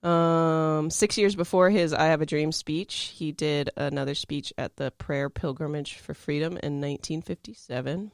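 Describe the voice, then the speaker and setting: A man's voice: on the high side, fairly even intonation, normal speed, gravelly, few pauses, clear, resonant tone, no echo, clean studio sound. A young man in his twenties, co-hosting a casual chat, reading facts aloud with many fillers and restarts.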